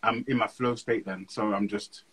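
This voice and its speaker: A young man, chatting as an interview guest and telling animated, slangy stories. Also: on the low side, normal speed, breathy edge, low-quality recording. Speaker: guest speaker. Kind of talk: casual interview chat.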